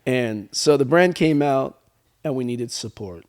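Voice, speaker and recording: A man's voice: medium pitch, measured pace. A man guest on a wine podcast, telling stories in a casual chat and acting out the people he quotes. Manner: animated storyteller acting out quoted dialogue. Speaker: winemaker guest.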